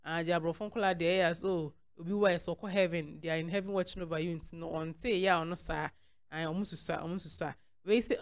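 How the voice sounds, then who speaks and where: A woman with a Ghanaian accent hosts a celebrity gossip channel, reading viewer comments aloud. Her voice sits low and sounds clear and resonant. She moves freely between Twi and English within the same sentence. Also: fairly even intonation, brisk.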